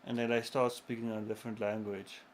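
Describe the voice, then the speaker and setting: A man co-hosting a gaming livestream, chatting in an animated way and stopping to search for words. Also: lowish voice, fast talker, a little hiss or hum. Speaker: co-host of a gaming stream. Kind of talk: casual chat.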